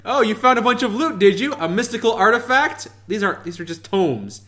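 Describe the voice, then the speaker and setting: Playful high-voiced young male gamer. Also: sing-song, a little fast, bright, forceful tone, faint music behind. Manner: playful, laughing, theatrical readouts. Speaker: gaming video host. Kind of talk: playing a game with a friend, reading aloud.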